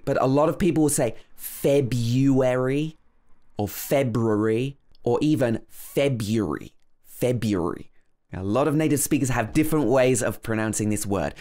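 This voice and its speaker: A man teaching English pronunciation, slowly and carefully repeating each word to demonstrate it. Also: lowish voice, darkish tone. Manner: slow, careful demonstration of words, repeated over and over. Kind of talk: pronunciation lesson.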